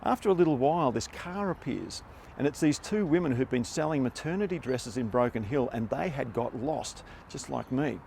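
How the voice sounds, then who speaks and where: An older Australian man telling a story in a relaxed, wry, conversational way. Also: mid-range voice, moderate pace, creaky, slight background noise. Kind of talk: casual spoken storytelling.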